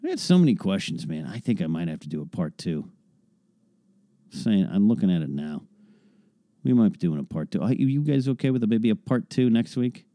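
Answering listener questions, this male podcast host is casual and wry, rambling and interrupting himself to restart. His fairly low, dark-toned voice is very animated and fairly quick, captured dry in clean studio quality.

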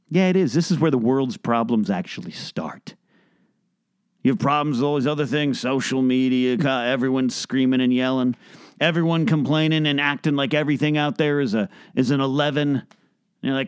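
A middle-aged man rants sarcastically about everyday annoyances, his voice smooth and resonant. He sounds exasperated and now and then squeals out mock beeps. The recording is close and dry, with no room sound. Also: expressive, normal speed, darkish tone, no room sound. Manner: exasperated, sarcastic, mimics beeping in a high squeal. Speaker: podcast host. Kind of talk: comedic solo rant. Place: home bedroom.

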